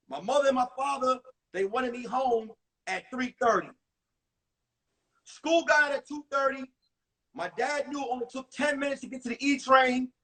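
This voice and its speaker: A male comedian telling animated stories from high school in a one-man show on a livestream. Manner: animated, acts out voices. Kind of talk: stand-up storytelling. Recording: distant mic on a phone livestream.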